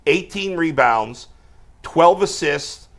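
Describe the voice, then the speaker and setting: A man's voice: fairly high pitch, expressive, slow pace. A man hosting a casual sports talk show, steering the talk with questions.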